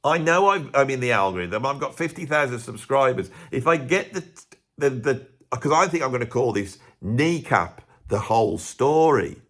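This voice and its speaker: A man's voice: mid-range voice, animated, normal speed, fairly bright tone. Male commentator, casual monologue to camera, meandering delivery, self-interrupting, rhetorical questions. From England. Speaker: YouTube commentator.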